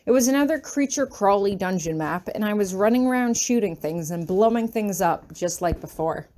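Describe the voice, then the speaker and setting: A woman reading a first-person story aloud as an audiobook. Her narration is expressive and dramatic, and her voice sits at a middle pitch. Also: normal speed, slight background noise. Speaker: fanfiction reader.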